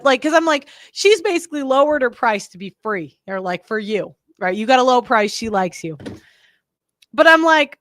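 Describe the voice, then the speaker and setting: Chatty high-voiced young woman, blunt. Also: expressive, normal speed, fairly bright tone. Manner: chatty, rambling, blunt, many fillers and restarts. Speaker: podcast host. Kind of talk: casual opinionated monologue.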